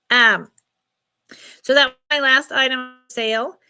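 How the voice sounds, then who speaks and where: Bright-voiced woman, slow chatty. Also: high voice, smooth. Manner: chatty, laughing, emotional. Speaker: live sale host. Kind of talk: casual live stream selling.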